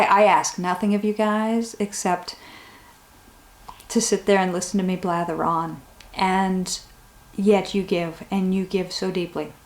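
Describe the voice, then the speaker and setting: A woman's voice: mid-range voice, roomy sound. A woman hosting a knitting podcast, talking casually and rambling a little, with a heartfelt, grateful manner. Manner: warm, rambling, gets emotional thanking viewers. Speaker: podcast host.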